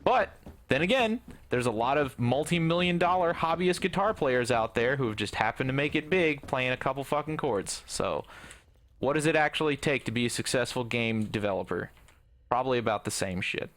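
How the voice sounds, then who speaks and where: Bright-voiced ranting young man streamer. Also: mid-range voice, animated, moderate pace. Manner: profane, ranting, bursts into shouting. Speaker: gaming livestreamer. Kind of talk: casual livestream rant.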